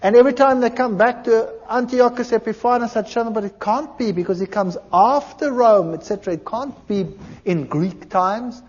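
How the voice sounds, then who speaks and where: Man telling his testimony, high lively voice acting out the back and forth, dull lo-fi sound, long hall echo. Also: normal speed. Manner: animated storytelling, acts out dialogue. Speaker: speaker giving a testimony. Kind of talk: personal testimony talk. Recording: dull lo-fi recording in a large reverberant hall.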